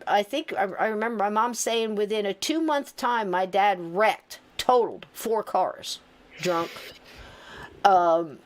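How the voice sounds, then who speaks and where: A woman around sixty hosting a podcast, telling stories in casual chat and acting out other people's words as she goes. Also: mid-range voice. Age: about 60. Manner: animated, tells stories with quoted voices and asides. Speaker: podcast host.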